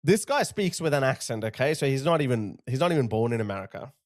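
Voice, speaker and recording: A man's voice: mid-range voice, expressive, fast talker, darkish tone. A man giving impassioned video commentary, emphatic and indignant, driving his points home by repeating phrases. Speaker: political commentator.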